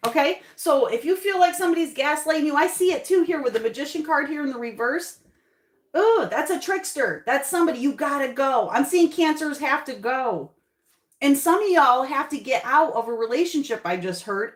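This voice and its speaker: A woman with a fairly high voice gives a casual, chatty tarot reading straight to her viewers. She reassures them warmly and repeats her phrases for emphasis. The room around her rings with echo. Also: animated, moderate pace. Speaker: tarot reader. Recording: echoey room.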